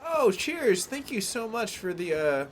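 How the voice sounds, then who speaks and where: A man's voice: sits high, very animated, unhurried, slight background noise. A man streaming a video game live, chatting casually and greeting viewers by name in laid-back slang.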